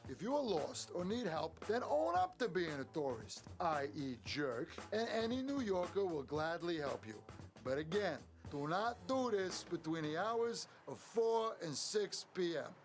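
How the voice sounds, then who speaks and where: Guy doing a high, bouncy new york puppet dude, gruff wisecracker, music going behind him. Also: sing-song, measured pace, exaggerated voice. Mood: brash. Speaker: tourist guide character. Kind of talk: comic puppet-show monologue.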